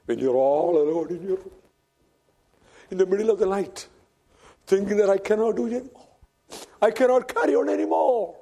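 A man preaching a sermon, swinging from loud fervent cries to hushed near-whispers and repeating phrases for emphasis. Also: high-pitched, moderate pace, long pauses, slightly rough.

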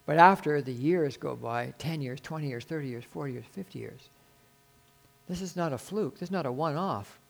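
A man's voice: on the high side, moderate pace, creaky. An older man preaching a sermon earnestly, rising to emphatic peaks and acting out dialogue with God.

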